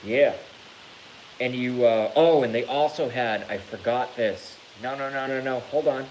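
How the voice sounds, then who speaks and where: A man vlogging to his channel in a casual rant, animated and theatrical, swearing freely. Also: medium pitch, unhurried, a little hiss or hum, rough recording. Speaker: YouTube vlogger.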